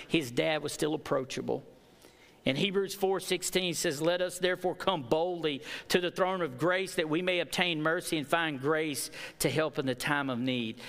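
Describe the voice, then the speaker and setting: Man preaching a sermon in a big reverberant hall. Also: sits high. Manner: swings between hushed storytelling and rising, emphatic preaching.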